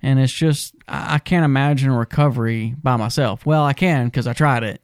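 A man's voice: medium pitch, moderate pace, clean tone, dry recording, studio quality. A man in recovery speaking earnestly and reflectively in a casual podcast conversation, often restarting his words.

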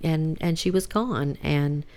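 A middle-aged woman, quietly and haltingly telling a family story in casual conversation. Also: low-pitched. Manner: halting, soft-spoken, laughs through tears. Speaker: guest relative.

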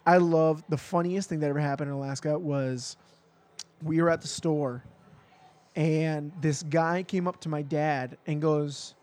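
High-voiced young man telling stories. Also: fairly even intonation, measured pace, darkish tone. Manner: laughing storyteller, acts out quoted voices. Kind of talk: casual chat.

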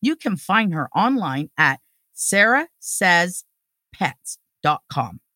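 A woman hosting a podcast, chatting with a guest and reading the show's outro in an upbeat, lively way. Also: on the low side, takes it slowly, no room sound, studio quality. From Canada. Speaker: podcast host.

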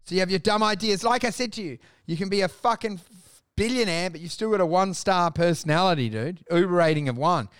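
A man's voice: high-pitched, fast, fairly bright tone, clean tone, no echo, clean studio sound. A man co-hosting a casual comedy podcast, ranting crudely and mocking. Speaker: podcast co-host.

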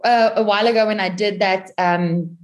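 A woman's voice: mid-range voice, steady tone, normal speed. A woman co-hosting a podcast, a supportive listener who laughs easily in casual chat. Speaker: podcast co-host.

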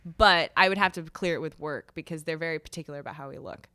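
A woman's voice: sits low, fast talker, sharp tone, smooth, no room sound. Easygoing young Southern Californian woman. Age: young adult. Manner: laughing, candid and easygoing. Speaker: podcast guest, TV presenter. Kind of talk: casual podcast chat.

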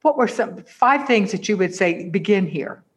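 A woman's voice: mid-range voice, animated, normal speed. A woman hosting an interview, chatting thoughtfully and affirming her guest with murmurs. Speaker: podcast host. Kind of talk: conversational interview.

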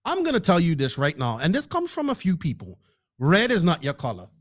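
A man hosting a casual podcast, joking, excitable and swearing freely while he thanks sponsors and chats with a guest over a remote call. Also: fairly high pitch, brisk, dry recording, studio quality. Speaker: podcast host. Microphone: podcast microphone, remote call.

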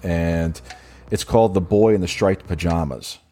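A man co-hosting a casual film chat, laid-back, with short remarks and drawn-out phrasing. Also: low voice, mellow. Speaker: co-host discussing films.

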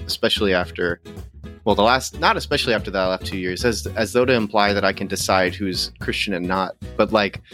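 A man's voice: on the low side, a bit bright. A young man co-hosting a podcast, reading announcements and then chatting casually and laughing easily. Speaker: podcast co-host. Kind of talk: casual podcast chat about movies.

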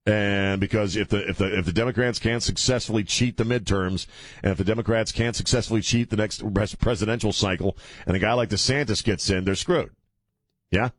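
A middle-aged man hosts a radio talk show, his voice low and the studio sound dry and close. He talks in a blunt, sarcastic way and rambles from point to point. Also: fairly quick, dry recording. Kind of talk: opinionated talk radio chat. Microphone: studio microphone.

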